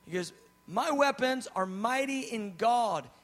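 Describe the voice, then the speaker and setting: A man's voice: very high voice, lively intonation, measured pace, a bit bright. A man preaching a sermon, retelling scripture in a conversational, acted-out way, dropping to a whisper for tender lines and building to emphatic preaching. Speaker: pastor.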